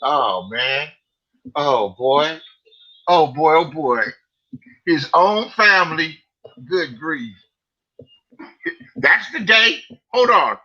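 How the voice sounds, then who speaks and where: Husky teasing older man on a stream. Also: on the high side, expressive, extremely slow, long pauses, pushed and bright. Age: middle-aged. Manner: teasing, exclaiming, repeats himself. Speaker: livestream commentator. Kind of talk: casual online chat. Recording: slightly dull lo-fi stream audio.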